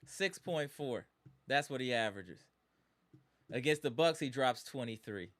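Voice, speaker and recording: A man's voice: mid-range voice, expressive, measured pace, a bit bright. A man hosting a live sports stream, ranting in exasperation as a disappointed fan and repeating his points. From Wisconsin.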